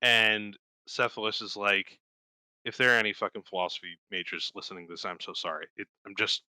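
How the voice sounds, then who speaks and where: A young podcast co-host tells a story with lots of swearing and quick character voices. His tone is bright and forceful, and the recording is dry and close. He talks casually and animatedly. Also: lowish voice, clean tone, no room sound, low-quality recording. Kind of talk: casual chat.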